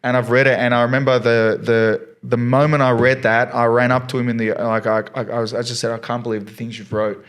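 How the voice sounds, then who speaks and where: Male guest teacher, casual rambling storyteller, middle pitch. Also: flat delivery, fairly quick, hardly any pauses, a bit bright, clear, resonant tone. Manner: earnest, rambling with many fillers. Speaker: science teacher, podcast guest.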